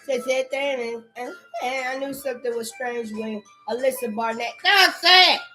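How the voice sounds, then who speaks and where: A woman in a rambling, profane rant, repeating curses and jumping between loud outbursts and low mutters. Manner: erratic, repetitive, swearing constantly, swinging between shouts and mutters. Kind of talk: profane stream-of-consciousness rant.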